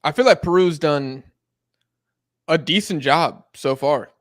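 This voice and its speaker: Co-hosting a live match watch-along, a young man casually calls the football as it unfolds and chats between moves. His slightly high voice is a little slow, recorded dry in clean studio sound.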